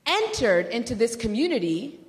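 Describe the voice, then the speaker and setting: Measured woman lecturing in a hall. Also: fairly high pitch, big pitch swings. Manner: measured, repeats phrases for emphasis. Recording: reverberant hall.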